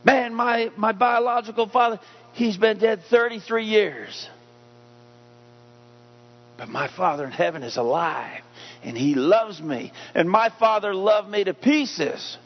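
Male pastor, fairly high voice, emphatic preaching, quizzes the congregation, dull lo-fi sound. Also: sing-song, slow, pauses often. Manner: emphatic, asks the congregation questions. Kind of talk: sermon. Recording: dull lo-fi recording.

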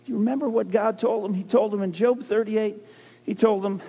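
A man preaches to his church in a high, husky voice, pressing each point with pauses and repetition. The recording is dull and lo-fi, and a long reverb trails through the sanctuary. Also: steady tone. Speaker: pastor. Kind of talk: sermon. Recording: muffled lo-fi sound in a reverberant hall.

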